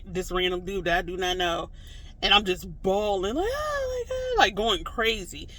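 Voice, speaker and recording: A vlogger telling a story casually to the camera, rambling with lots of "like" and "you know" and acting out reactions. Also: medium pitch. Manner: animated, acts out reactions in quotes.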